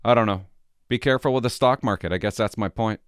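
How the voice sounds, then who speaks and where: A man's voice: lowish voice, quick pace, smooth, no echo. A middle-aged man vlogging, telling rambling stories in casual chat with many restarts.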